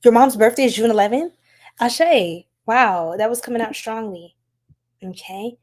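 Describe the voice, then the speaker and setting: Casting: a higher-voiced American woman, a chatty livestream tarot reader who laughs a lot. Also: a little slow. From United States. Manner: chatty and animated, laughs often, addresses viewers. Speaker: tarot reader hosting a live stream. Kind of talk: casual live-stream tarot reading.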